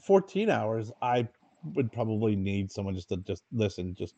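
A male podcast co-host joking in casual chat, often trailing off softly. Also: lowish voice, sing-song, normal speed, highs cut off.

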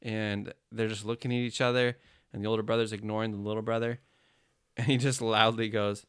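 A man's voice: on the low side, fairly even intonation, a little fast, a bit bright, clear, resonant tone. A man in his thirties co-hosting a podcast, joking casually and laughing often. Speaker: podcast co-host. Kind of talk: casual chat.

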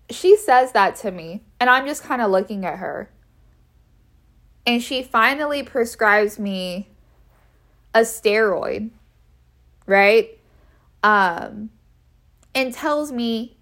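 Her voice sits a little high and sounds slightly bright. She shares a personal story casually and frankly, using fillers, and drives her points home by emphatically repeating key phrases.

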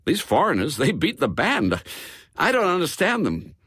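A man voicing a breezy young man with a brisk, folksy way of talking. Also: fairly high pitch, huge pitch swings, fairly bright tone, slightly rough, dry recording, clean studio sound, pitched above the performer's own voice, heavily acted.

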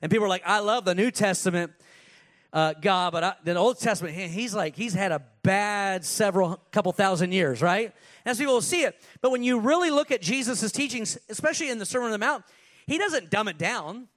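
A man with a high voice preaching a lively sermon. He talks casually, drops into put-on voices and shouts lines from off the mic. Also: fairly quick. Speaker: pastor.

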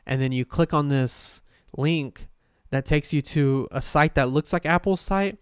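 A man's voice: a little high, a little slow, smooth, no room sound, studio quality. Rambling, foul-mouthed male podcaster. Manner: rambling, profane, frequent fillers and restarts. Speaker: podcast host. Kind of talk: casual solo podcast chat.

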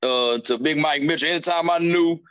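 A male stand-up comedian in casual chat, telling animated stories and acting out what people said. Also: a little high, brisk, clean tone. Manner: animated storyteller acting out quotes.

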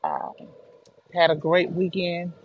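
A man from Northwest Ohio co-hosting a podcast, giving an upbeat, steady morning check-in over a remote connection. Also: fairly high pitch, takes it slowly, highs cut off, slight background noise. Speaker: podcast co-host, elder.

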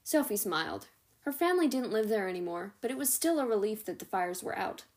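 A young woman reading a novel aloud as a podcast host, steady with the odd stumble and self-correction. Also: medium pitch, fairly quick. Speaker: audiobook reader, podcast host.

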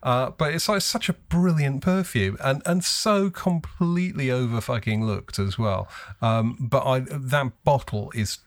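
A man's voice: medium pitch, a little slow, few pauses, no echo, studio quality. A man co-hosting a podcast, talking enthusiastically and swearing for emphasis. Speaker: podcast co-host. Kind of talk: casual chat.

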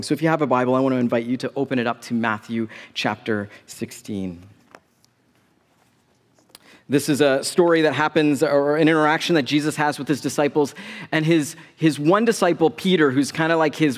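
A man preaching a sermon to a congregation, speaking in a relaxed, conversational way with casual asides. His voice sits a little high, and it carries a long reverb from a large hall. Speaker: pastor.

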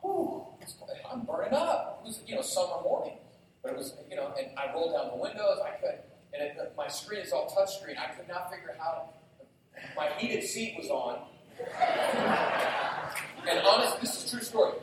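A middle-aged man preaching a sermon as pastor, telling lively stories with self-mocking humor. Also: on the high side, moderate pace, pauses often, far from the mic, slight background noise. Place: church sanctuary. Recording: very echoey hall, heard from afar.

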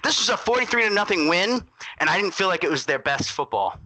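A man co-hosting a sports podcast, talking in a gushing, excitable way and admitting he is worked up. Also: high voice, quick pace, noisy background. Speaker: podcast co-host.

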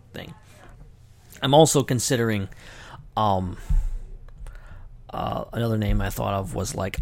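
A man hosting his own podcast, chatting casually in a rambling, self-deprecating, jokey way. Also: fairly low pitch. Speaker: podcast host. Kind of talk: casual livestream chat.

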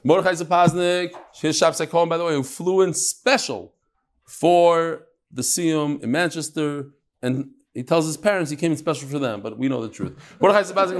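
A man giving a casual daily Talmud class, chatty, with frequent Yiddish and Hebrew terms. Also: a little high. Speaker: Talmud teacher.

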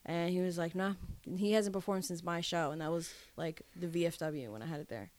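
Low-voiced woman telling lively stories. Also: fairly quick, no echo. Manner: animated storyteller, profane, acts out quotes. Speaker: podcast co-host. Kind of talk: casual chat.

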